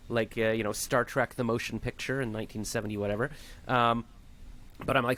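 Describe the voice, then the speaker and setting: A man's voice: mid-range voice, steady tone, fairly quick, fairly bright tone. A man hosting a podcast, chatting casually and telling rambling, joking stories. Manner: rambling, jokey storyteller. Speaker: podcast host. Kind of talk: casual chat.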